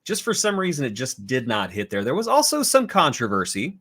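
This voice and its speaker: A man hosting a casual film review chat, easygoing and filling pauses with "uh" and "you know". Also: medium pitch, wildly swooping pitch, a bit bright. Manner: easygoing, drawn-out with fillers. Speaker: podcast host.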